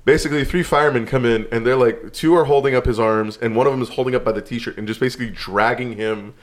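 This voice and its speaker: A man's voice: medium pitch, steady tone, fast. A man telling a story in casual chat, rambling and laid-back, swearing now and then.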